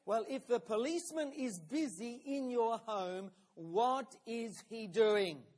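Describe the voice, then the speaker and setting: A man's voice: very high-pitched, slow pace, darkish tone, heavily acted. A man doing an urgent boss. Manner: urgent, pleading, insistent questions. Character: frustrated male company boss on the phone.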